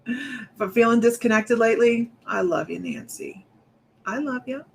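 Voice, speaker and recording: A woman's voice: a little high, animated, normal speed, vocal fry, slight background noise. Woman psychic host on a livestream, kinda out of breath, rambly and chatty, talks right to viewers. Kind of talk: casual livestream chat.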